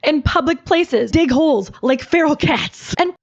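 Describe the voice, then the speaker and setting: Brief: woman comic, very high voice, mocking rant delivery, dull lo-fi audio. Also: animated, a little slow. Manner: mocking, laughing through jokes. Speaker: comedian. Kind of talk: stand-up style rant.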